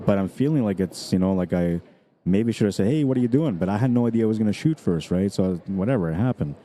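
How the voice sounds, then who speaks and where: A man's voice: sits low, fast talker, dark tone. A man commentating a pool stream in a chatty, rambling way, his throat dried out from days of talking. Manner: rambling, chatty, many fillers. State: dry throat. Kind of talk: casual live commentary.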